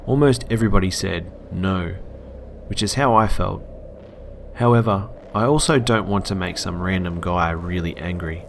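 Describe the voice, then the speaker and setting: A young Australian man narrating a scary true story for his channel in a steady, earnest manner. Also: low voice, a little hiss or hum. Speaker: YouTube storyteller. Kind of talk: reading a scary story aloud.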